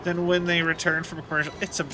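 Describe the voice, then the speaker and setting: A man streaming a video game, chatting casually and thinking out loud with lots of filler words. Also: fairly high pitch, level tone, fast, background noise. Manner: rambling, thinks aloud with many fillers. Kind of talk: casual gaming stream commentary.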